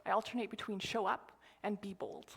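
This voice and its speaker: A woman's voice: medium pitch, fairly even intonation, a little fast, husky. A woman sharing an informal sermon at church, chatty and rambling, with lots of fillers and asides, whispering when she quotes others. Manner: drops to a hushed whisper for quoted lines. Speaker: church speaker sharing a message.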